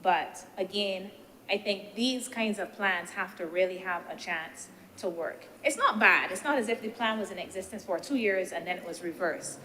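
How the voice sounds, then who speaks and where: Woman senator, measured debate speech. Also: medium pitch, sharp tone. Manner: measured, deliberative, poses rhetorical questions. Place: senate chamber. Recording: reverberant chamber with faint background noise.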